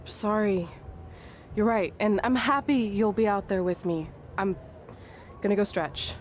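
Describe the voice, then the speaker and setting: A woman's voice: mid-range voice, unhurried, a little hiss or hum, close to an everyday voice. An actress voicing an intense, hotheaded young female wrestling trainee in a game cutscene. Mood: friendly. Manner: cheerful, flaring into menace. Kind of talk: video game cutscene acting.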